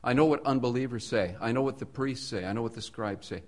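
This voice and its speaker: A man preaching a sermon at a middle pitch, earnest and steady. He stacks repeated phrases to build emphasis. He drops to quiet, low passages, then rises to forceful ones. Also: fast. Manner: earnest, rhetorical repetition, swings between soft and emphatic.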